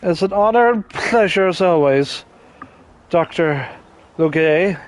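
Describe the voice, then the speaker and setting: A man's voice: high-pitched, expressive, slow pace. A man voicing a fawning, crooked male minion in an overly formal manner while reading game dialogue aloud.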